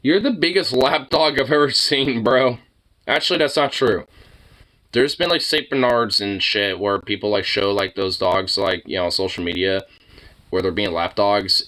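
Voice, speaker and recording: Man, lowish voice, unhurried; loose rambling chat and cooing at his dog, salty language. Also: pushed and bright. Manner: rambling, swears freely, baby talk to dog. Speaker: dog owner vlogger.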